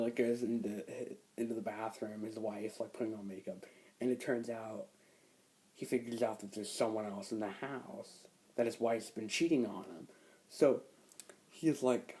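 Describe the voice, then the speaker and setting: Rambling young man with a mellow voice. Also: fairly low pitch, fairly even intonation, a little slow, low-quality recording. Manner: rambling, filler-heavy retelling with frequent "like". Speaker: movie reviewer. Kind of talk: casual film review.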